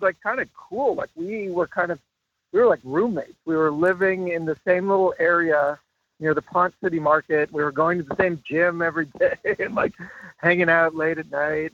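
A man's voice: on the high side, no room sound. A man guest on a call-in interview, telling rambling stories with many fillers and frequent laughs. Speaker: guest actor. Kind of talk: casual interview over a call. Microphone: phone call. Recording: tinny phone line.

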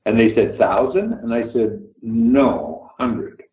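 An older Canadian man with a Canadian accent, appearing as a guest actor, tells candid, profane stories in a casual interview, acting out the dialogue. His voice is medium-pitched and slow, and the audio is roomy with phone-quality sound.

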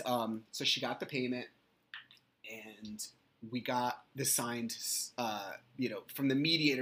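A man's voice: mid-range voice, sharp tone. A man in his thirties hosting a solo podcast, telling his story in a candid, profane and exasperated way. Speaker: podcast host.

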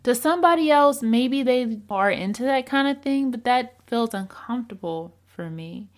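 Woman, young adult, podcast host, casual advice, animated storytelling. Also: a little high, normal speed. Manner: animated storytelling, acting out quoted lines.

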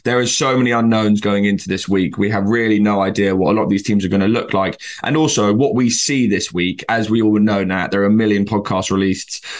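A man, co-hosting a casual sports betting podcast and telling rambling, animated stories. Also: lowish voice, fairly quick, few pauses. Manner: rambling, animated storyteller with frequent laughs. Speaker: podcast co-host, betting tipster.

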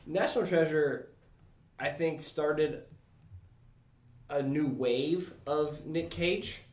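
A man co-hosting a casual movie chat, talking in a deliberate, opinionated way. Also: on the high side, a little mellow, reverberant. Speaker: podcast co-host.

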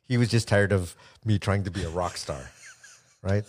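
A middle-aged American man, a musician guest on a podcast, telling relaxed stories and laughing often. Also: sits low, normal speed. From United States. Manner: relaxed storyteller, laughs often, swears casually. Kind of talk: casual chat.

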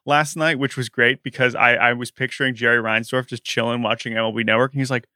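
Upbeat guy cohosting a sports podcast, bright tense voice, dry close mic. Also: medium pitch, dry recording. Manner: animated, quick to mock-quote people in a put-on voice. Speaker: podcast co-host. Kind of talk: casual sports chat.

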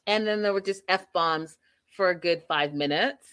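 Woman, reality TV recap, gossipy, animated, middle pitch. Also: moderate pace. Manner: gossipy, animated, acts out quotes. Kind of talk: casual recap commentary.

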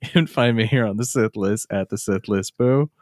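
A man's voice: lowish voice, moderate pace, a little mellow, dry recording. Laughing male podcast co-host, dry sound. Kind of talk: casual chat.

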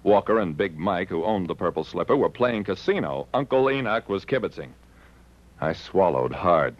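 A wry private detective narrator. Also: male voice, low-pitched, moderate pace. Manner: dry, wry narration with lively delivery. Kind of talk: 1940s radio acting. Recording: dull vintage radio recording with faint hiss.

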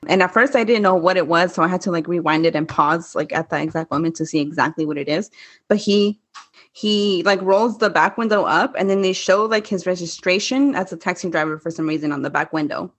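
A woman's voice: fairly low pitch, brisk. A woman casually chatting and recapping episode scenes, swearing freely and mimicking characters. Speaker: podcast co-host recapping a telenovela. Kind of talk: casual chat.

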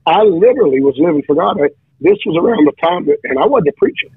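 This guest preacher's husky, fairly high voice moves at a quick pace and is expressive as he tells his testimony in casual talk. He restarts frequently and stammers over repeated words, and the tinny phone-line audio has no room sound.

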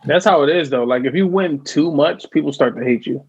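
Easygoing guest, mid voice, dull lo-fi sound, slangy agreeing chatter. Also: male voice, fairly high pitch, a little fast, slightly rough. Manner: laid-back, agreeing, slangy. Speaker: podcast guest. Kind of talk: casual chat.

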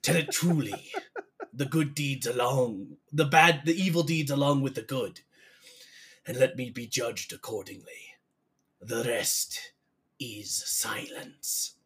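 A man's voice: medium pitch, fairly bright tone, slightly rough, voice pushed down, heavily acted. A man putting on the voice of a solemn, theatrical robot dinosaur villain as he recites grave last words. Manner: grave, slow Shakespearean recitation.

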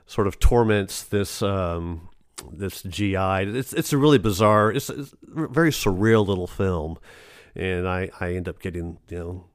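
A man chats about his acting work in a relaxed interview. His voice sits on the low side and sounds close and dry. He rambles, stumbling through restarts and fillers. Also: a little slow, no echo. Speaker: actor, interview guest. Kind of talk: casual conversational interview.

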